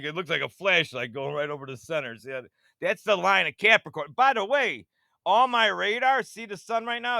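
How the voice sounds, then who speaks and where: Man, excitable, rambling commentary, gravelly, sharp and bright, dry close sound. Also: a little high, no room sound. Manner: excitable, keeps asking "see how that works?"; talks to viewers directly, half-mocking. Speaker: radar-watching channel host. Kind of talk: rambling screen-share commentary.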